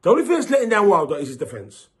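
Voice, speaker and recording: A man, hosting his own boxing channel and ranting casually, swearing and repeating himself as he grows louder. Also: high voice, rapid-fire. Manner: animated, swearing, repeats himself, rising to shouts. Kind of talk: casual boxing opinion rant.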